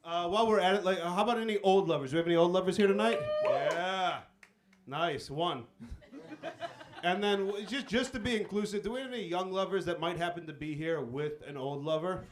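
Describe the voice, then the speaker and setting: High-voiced stand-up comedian teasing a crowd. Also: male voice, brisk, noisy background. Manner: teasing, profane, riffing with the audience. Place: comedy club stage. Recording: live club recording with crowd. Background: audience laughter.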